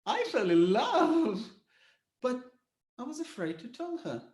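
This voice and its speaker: Expressive man telling a story on stage. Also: very high-pitched. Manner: expressive, theatrical, dramatic pauses. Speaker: speech contest contestant. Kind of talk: dramatic storytelling speech. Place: contest stage in a hall. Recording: echoey hall.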